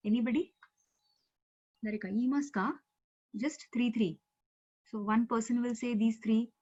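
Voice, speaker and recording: A woman's voice: on the high side, darkish tone. Patient woman teacher on a muffled call. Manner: patient, explanatory, with frequent fillers. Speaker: Japanese language teacher. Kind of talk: online language class. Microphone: video call. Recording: dull, muffled video-call audio.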